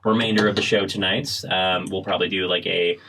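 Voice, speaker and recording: A low-pitched man leads a tabletop world-building session as game master, musing aloud, pausing often and circling back with fillers. A faint hiss sits under his voice. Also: steady tone, bright, forceful tone. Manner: rambling, hesitant, many fillers.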